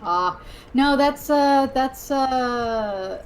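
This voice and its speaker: A woman's voice: high voice, extremely slow, crowd noise. A woman chatting casually as a tabletop game player, jokey and easily confused. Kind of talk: casual chat.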